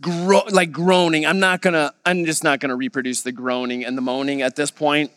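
A man pastor delivering a sermon, retelling a story and quoting others in a lively voice. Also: fairly high pitch, brisk, smooth, no room sound, long reverb tail. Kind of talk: sermon with anecdote.

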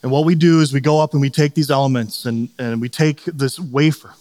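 A man preaching a sermon as pastor, earnest and animated, sometimes acting out quoted voices. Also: mid-range voice, brisk, long reverb tail.

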